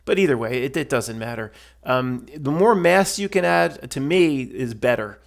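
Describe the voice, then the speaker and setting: Man, mid-pitched, casual and blunt, rambling voice-over commentator. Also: lively intonation, moderate pace, vocal fry. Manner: blunt, rambling, with many restarts and fillers. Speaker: stove builder commenting on a video.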